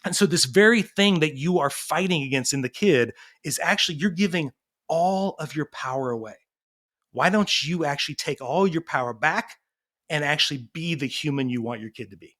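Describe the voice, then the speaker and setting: An animated man in his thirties telling stories in a casual interview. His voice sits a little high for a man, and he slips into the voices of the people in his stories. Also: normal speed. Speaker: parenting coach and guest. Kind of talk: conversational storytelling.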